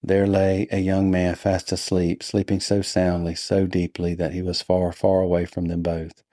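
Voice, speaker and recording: Deep, dry-voiced man reading slowly. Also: dry recording. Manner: flat, unhurried, monotonous. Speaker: podcast host and reader. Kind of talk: deliberately dull, slow story reading.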